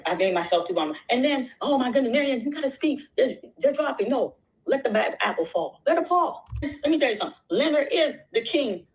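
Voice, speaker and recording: Emphatic woman repeating herself, fairly high. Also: poor audio. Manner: emphatic, repeats phrases over and over; rambling, restarts sentences. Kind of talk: impassioned casual talk. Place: out at dinner with supporters.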